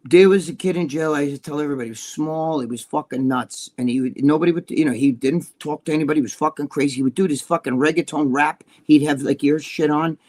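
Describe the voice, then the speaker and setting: A man's voice: fairly high pitch, quick pace, few pauses, a little mellow. A man, talking casually and profanely as a podcast guest, rambling through stories without stopping. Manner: profane, rambling storyteller who talks nonstop. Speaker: guest, bodybuilding personality.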